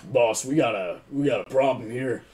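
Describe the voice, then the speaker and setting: A man doing a gruff dwarf henchman. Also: medium pitch, normal speed, darkish tone, natural voice. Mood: urgent. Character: rough male dwarf henchman.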